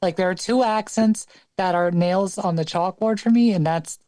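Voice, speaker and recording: A woman's voice: mid-range voice, normal speed, mellow. A woman on a podcast giving blunt, profane opinions in casual chat.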